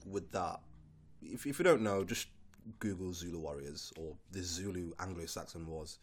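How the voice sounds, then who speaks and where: A man from Britain, a pro wrestler, chatting casually and telling stories with frequent restarts and laughter. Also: low-pitched. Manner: laughing, halting storyteller with many restarts. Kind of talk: casual podcast chat.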